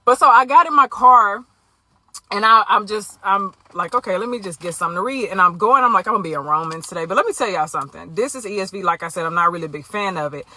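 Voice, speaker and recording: Woman talking about her faith to camera, super bright crisp voice, dry sound, earnest and chatty. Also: medium pitch, expressive, fast talker, dry recording. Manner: earnest, conversational, preachy. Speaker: Christian vlogger. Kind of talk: candid faith testimony to camera.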